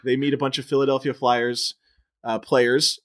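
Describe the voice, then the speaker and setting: A man's voice: mid-range voice, little pitch movement, moderate pace, a bit bright. A man co-hosting a podcast, casually recapping a movie's plot scene by scene and laughing often. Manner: retells scenes with bits of quoted dialogue, laughing often. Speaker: podcast co-host.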